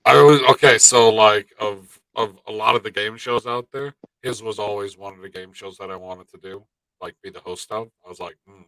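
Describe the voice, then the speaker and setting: A man talks his way through a casual live-stream chat, rambling and swearing as he goes. His voice sits a little low and sounds dry and close to the mic, with no room around it. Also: moderate pace, clear, resonant tone, dry recording, poor audio. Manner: profane, animated rambling. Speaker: podcast co-host.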